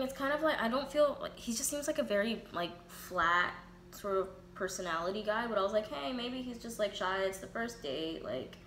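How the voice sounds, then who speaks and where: A young woman vlogger tells a casual, profane storytime, candidly acting out both sides of the dialogue and quoting herself and others. Her voice is medium in pitch with a fairly bright tone. The recording has a roomy echo, faint ambience, and slight background noise.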